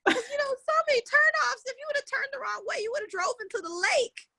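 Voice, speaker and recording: A woman voicing her excited, relieved girlfriend, who talks in a high squealing gush and calls everyone girl. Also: normal speed, dry recording, clean studio sound, exaggerated voice. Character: excited relieved female friend, gushing and protective.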